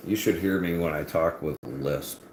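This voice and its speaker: A man's voice: rumbling low, normal speed, slight background noise. Crude, joking man in an echoey room. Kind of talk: casual chat to viewers.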